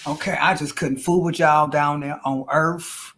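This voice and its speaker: A woman's voice: low-pitched, steady tone, slow pace, noisy background. A woman hosting a casual livestream as an intuitive reader, chatty and playful, calling viewers honey and girl.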